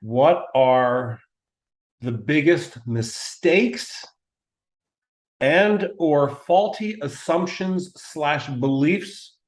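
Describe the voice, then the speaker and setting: A man's voice: a little high, very slow. A man hosting a podcast interview, speaking in a thoughtful, conversational way and giving short affirmations. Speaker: podcast host.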